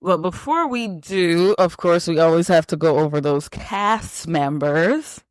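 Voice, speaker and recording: A woman's voice: on the low side, animated, unhurried, dry recording. A woman hosting a casual podcast, teasing her co-host and laughing often. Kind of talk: casual chat.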